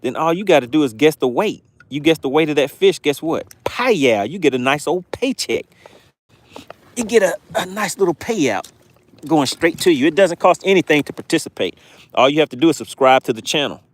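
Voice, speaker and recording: A man's voice: on the high side, expressive, normal speed. A man from Georgia with a Southern accent, hosting a casual fishing livestream from a boat and chatting as he reads viewer comments. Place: on a boat on a lake outdoors.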